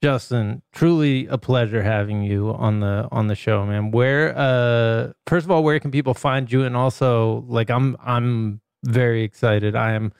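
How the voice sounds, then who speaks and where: Male co-host, smooth clear voice, dry close mic, casual banter with quick laughs. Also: medium pitch, dry recording. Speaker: podcast co-host. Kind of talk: casual podcast chat.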